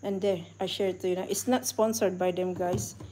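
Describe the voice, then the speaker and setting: A woman's voice: lowish voice, steady tone, brisk, dark tone. A woman chatting casually through an unboxing vlog, upbeat and talkative, with simple phrasing. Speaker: vlogger. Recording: noisy home video recording.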